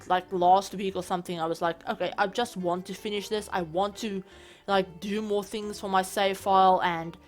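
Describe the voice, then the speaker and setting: A woman hosting a game building channel, chatting casually in a voice-over, rambling with lots of fillers and restarts. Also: mid-range voice. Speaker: Sims building channel host.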